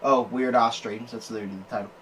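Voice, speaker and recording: A man's voice: medium pitch, steady tone, quick pace, fairly bright tone, slight background noise. A young man hosting a podcast, telling a story in casual chat, swearing freely and breaking into laughter. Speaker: podcast host.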